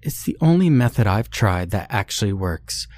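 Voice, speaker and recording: A man's voice: on the low side, very animated, normal speed, a little mellow. A man voicing an upbeat woman giving a fitness infomercial testimonial. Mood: eager. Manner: testimonial, eager.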